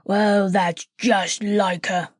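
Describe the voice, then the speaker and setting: Woman doing a slow grumbling crocodile. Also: mid-range voice, level tone, no echo, studio quality.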